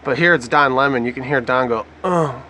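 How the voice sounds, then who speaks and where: A man's voice: mid-range voice, steady tone, quick pace, noisy background. A man giving sarcastic, profane commentary over a news clip. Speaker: online commentator.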